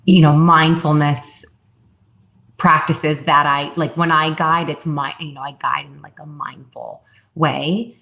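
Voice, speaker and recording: Low-voiced woman chatting candidly. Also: fairly even intonation, measured pace, creaky, a bit bright. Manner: chatty, many "like" fillers and restarts. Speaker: podcast guest, wellness founder. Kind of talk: casual interview chat.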